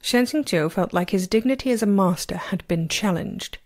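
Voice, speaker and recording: A woman narrating a novel chapter as an amateur reader, with a steady, expressive delivery. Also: on the low side, normal speed. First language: not Chinese. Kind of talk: audiobook narration.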